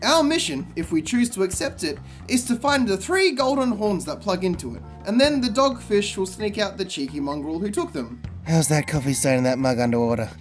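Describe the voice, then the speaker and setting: Man, sarcastic game commentary, exasperated deadpan asides, very animated pitch.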